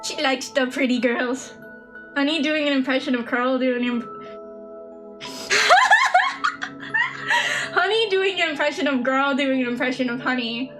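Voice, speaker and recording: A young woman streaming a game, chatting casually and self-mockingly with her viewers and herself while soft lo-fi music plays behind her. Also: high-pitched, a little fast. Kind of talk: casual live-stream chat while gaming. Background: soft lo-fi background music.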